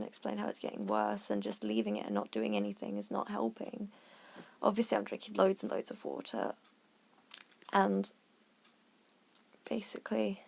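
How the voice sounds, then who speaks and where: A woman's voice: mid-range voice, vocal fry, darkish tone. A woman vlogger, a bit out of breath, frankly telling a personal story in a chatty way that sometimes drops to a near whisper. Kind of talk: casual personal story to camera.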